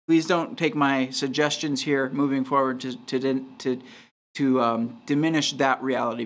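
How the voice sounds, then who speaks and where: A man, a pastor, leading a casual Bible study, reading scripture aloud and thinking out loud with frequent restarts and small chuckles. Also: a little high. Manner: reads scripture aloud at a steady clip.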